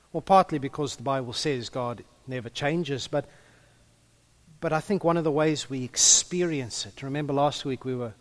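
A man's voice: mid-range voice, fairly bright tone. A man preaching a sermon in a conversational way, with humorous asides and a few stumbles.

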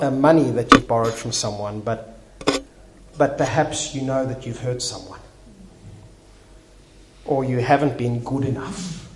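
A man preaching a sermon as a pastor, acting out little everyday scenes as he tells them. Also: mid-range voice. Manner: animated storyteller acting out little scenes, with some restarts. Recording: echoey hall, faint noise.

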